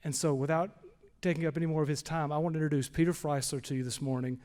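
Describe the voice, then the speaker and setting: A man with a slightly high voice introduces the guest at a chapel service in a measured, somewhat halting way. His words trail off into a long hall reverb. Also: steady tone, darkish tone. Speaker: host introducing the guest speaker. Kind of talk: formal introduction.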